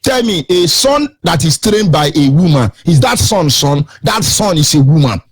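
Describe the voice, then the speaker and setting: A man's voice: a little high, sing-song, normal speed, husky. A middle-aged man with a Nigerian accent hosting a radio show, delivering emphatic, sermon-like commentary with sing-song rises.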